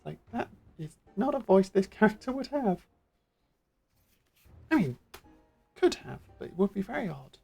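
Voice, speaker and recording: Chatty, gravelly woman streamer. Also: mid-range voice, big pitch swings, unhurried, long pauses, darkish tone, soft background music. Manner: chatty, self-deprecating, thinking aloud. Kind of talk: casual game-stream commentary. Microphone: studio mic with pop guard.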